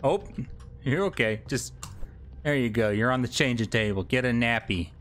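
A young man commentates a let's play in a medium-pitched, slightly bright voice at normal speed. Joking at the on-screen baby and talking to it, he occasionally bursts into laughter and yelps.

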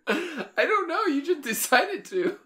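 A man's voice: very high-pitched, big pitch swings, a little slow, pushed and bright. A man in his late twenties co-hosting a podcast, chatting casually and telling stories in an easygoing way. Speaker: podcast co-host. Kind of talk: casual chat.

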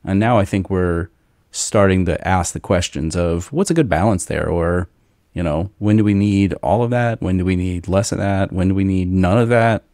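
A man's voice: low voice, a little mellow, dry recording, studio quality. A man co-hosting a podcast, joking around and drawing out his words in casual tech chat. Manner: jokey, drawn-out slow phrases. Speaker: podcast co-host.

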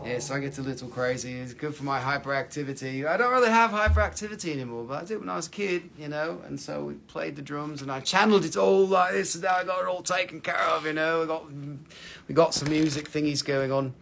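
Man, Appalachian accent, livestream host, joking and rambling, gravelly voice. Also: on the high side, quick pace, a bit bright. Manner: goofy, joking, rambling with frequent "you know". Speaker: livestream host selling minerals. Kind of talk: casual livestream chat.

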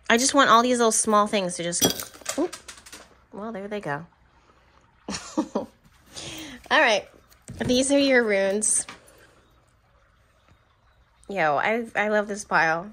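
A woman reading tarot cards for her viewers in a bright, forward tone. She chats in a loose, affectionate way, speaking right to her audience and breaking into laughs between remarks. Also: medium pitch, lively intonation, slow, long pauses. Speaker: tarot reader. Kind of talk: pick-a-card tarot reading.

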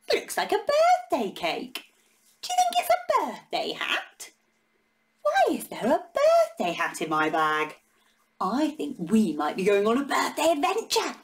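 Woman, children's read-aloud host; high, hugely swooping voice, unhurried, playful with gasps and sing-song counting. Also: huge pitch swings. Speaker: children's storyteller.

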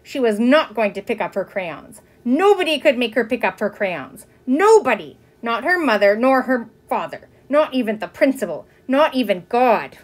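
Storybook reader, woman, lively and a bit high. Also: moderate pace, hardly any pauses. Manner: expressive reading. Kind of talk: storybook narration.

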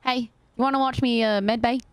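A woman streamer chatting casually while playing a game, excitable, with shrieking laughs and rapid repeated words. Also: fairly high pitch, smooth, no room sound. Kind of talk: casual gaming chat.

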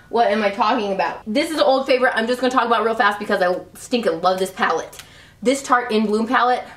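Her voice is a little high and picked up from a distance in a roomy recording. She's a woman in her thirties, a beauty vlogger casually reviewing the products she loves in a gushing, chatty way, peppered with "like" and "love."

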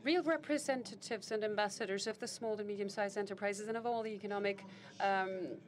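A woman voicing a live interpretation in a formal, measured register. Her pitch sits at a middling level for a woman. She often pauses on fillers and restarts or corrects a word as she keeps pace with the speaker. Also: fairly even intonation. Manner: halting, with fillers and self-corrections. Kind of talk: simultaneous interpretation of a panel conversation.

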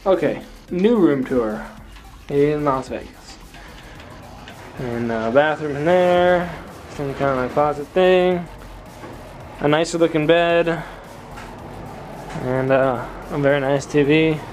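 A man's voice: fairly high pitch, slow pace, long pauses, a little mellow, faint music behind. A young man talking casually while driving, laid-back with dry jokes, then giving a hotel room tour. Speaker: vlog co-host, driver. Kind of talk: casual chat. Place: in a car on a road trip.

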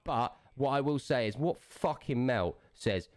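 A man's voice: medium pitch, expressive, unhurried, darkish tone. A man streaming a game, launching into an aggressive, profane rant that keeps jabbing with "yeah?". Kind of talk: angry livestream rant.

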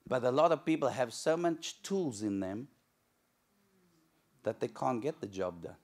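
Animated storytelling male preacher. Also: medium pitch, a little slow. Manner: animated storytelling, acts out shouting crowds. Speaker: pastor. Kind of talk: sermon. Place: church.

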